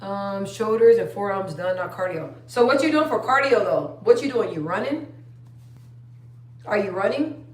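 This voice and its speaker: A woman's voice: mid-range voice, animated, normal speed, slight background noise. A young woman chatting casually on a livestream, telling stories and reading viewer comments aloud. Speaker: livestream host. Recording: roomy sound, distant from the mic.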